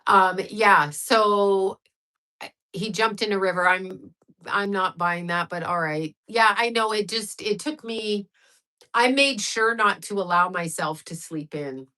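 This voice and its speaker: A woman's voice: medium pitch, measured pace, sharp tone, rough recording. A woman in her sixties hosting a casual livestream, talking candidly and rambling, with frank swearing, and answering viewers' messages as she goes. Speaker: livestream host.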